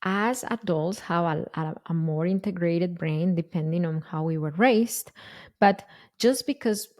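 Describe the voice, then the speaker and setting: Earnest woman host, unhurried and mellow, explains parenting ideas patiently. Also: on the low side. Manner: earnest, slow and deliberate, with frequent restarts. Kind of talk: conversational explanation.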